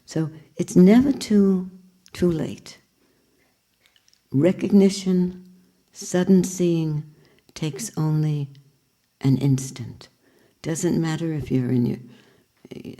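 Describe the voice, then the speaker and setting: A woman teacher gives a spiritual talk, slow and reflective. Her voice is low and gravelly, with a dark, mellow tone, and she speaks in earnest, unhurried phrases.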